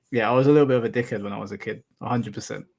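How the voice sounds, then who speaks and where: A man's voice: medium pitch, vocal fry, darkish tone. Chatty young man hosting a stream. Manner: rambling, anecdotal, casual swearing. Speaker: live stream host. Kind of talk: casual chat with viewers.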